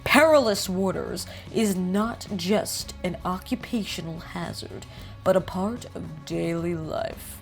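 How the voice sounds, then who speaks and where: Taking it slowly in a gravelly voice on the low side, a host with a New Jersey accent reads aloud about game art while riffing and joking in a chatty way. Soft music sits in the background.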